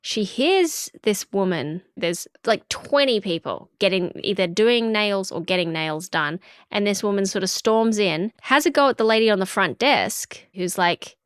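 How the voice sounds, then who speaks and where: Woman on a podcast ranting thru a story, animated and indignant, dry close sound. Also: mid-range voice, a little slow, clean tone, dry recording. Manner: animated, indignant storyteller who acts out quotes. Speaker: podcast co-host. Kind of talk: casual chat, storytelling.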